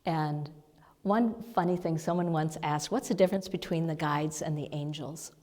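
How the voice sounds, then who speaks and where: A woman minister giving a conversational sermon lesson, seated before the congregation, with soft, halting storytelling and breathy asides. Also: sits low. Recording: long reverb of a large hall.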